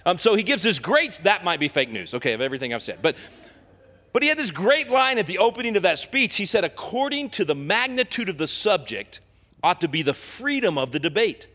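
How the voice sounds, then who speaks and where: Fiery high-voiced male preacher, echoing hall. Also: sing-song, a little fast. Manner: impassioned, swings from soft asides to loud declarations. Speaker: guest speaker. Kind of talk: fiery sermon. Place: church sanctuary.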